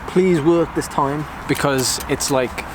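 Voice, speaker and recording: A man chatting casually to camera, thinking aloud after a warm-up lap at a muddy outdoor course. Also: on the high side, slow pace. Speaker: vlogger and amateur cyclocross racer. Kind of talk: casual vlog chat to camera. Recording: outdoor recording with clear background noise.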